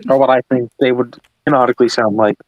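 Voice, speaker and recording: A man chatting casually with a friend while working, animated and laughing, often slipping into character voices. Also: mid-range voice, quick pace, dry recording, phone-quality sound. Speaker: channel host.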